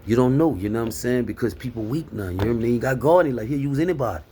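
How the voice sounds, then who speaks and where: A man's voice: medium pitch, expressive, rapid-fire, dark tone, a little hiss or hum. A man giving a casual spoken sermon of life advice, earnest and full of street slang, constantly asking "you hear me?".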